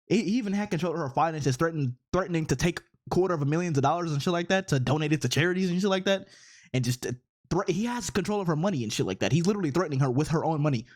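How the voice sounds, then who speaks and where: A man's voice: a little high, lively intonation, fast, darkish tone. A man giving an exasperated, profane rant as commentary on online posts, repeatedly incredulous. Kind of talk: ranting commentary on social media posts.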